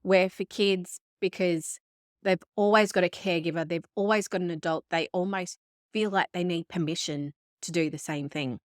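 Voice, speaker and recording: A woman therapist and podcast host giving calm, explanatory advice to parents, acting out parents and children as she goes. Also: lowish voice, moderate pace, no echo, clean studio sound. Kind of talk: solo advice talk.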